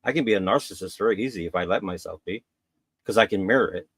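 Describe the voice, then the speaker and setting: A man's voice: fast, a bit bright, slightly rough, dry recording. Candid rambling man telling his story. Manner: candid, rambling, acts out quotes with raised pitch. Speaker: podcast guest. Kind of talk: personal storytelling on a podcast.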